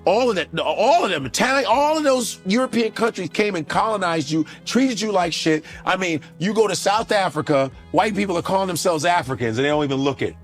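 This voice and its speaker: A man in a casual podcast chat, ranting in a profane, joking, animated way. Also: high-pitched, a little fast, hardly any pauses, faint music behind.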